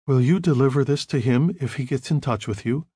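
A man's voice: medium pitch, a little fast, warm tone, breathy edge, no room sound, clean studio sound, close to an everyday voice. A man voicing a timid, polite young woman asking anxious questions in an audiobook reading. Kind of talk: audiobook narration.

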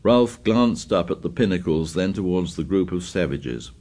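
Lower-voiced man narrating a novel. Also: lively intonation, normal speed, hardly any pauses, darkish tone. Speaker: audiobook narrator. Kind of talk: scripted narration.

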